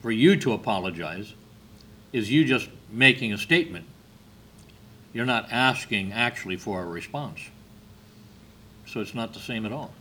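A man giving a sermon, telling stories in a slow, measured way with brief hesitations. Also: on the low side, lively intonation, fairly bright tone, a little hiss or hum. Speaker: preacher.

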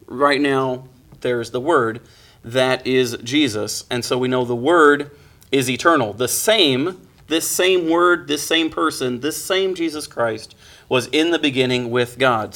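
A man's voice: mid-range voice, a bit bright. A man reading scripture aloud and then explaining it to a class in a casual, joking teacher's manner. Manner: conversational, joking asides to class, restarts. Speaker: Bible study teacher. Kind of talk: Bible lesson with reading and explanation.

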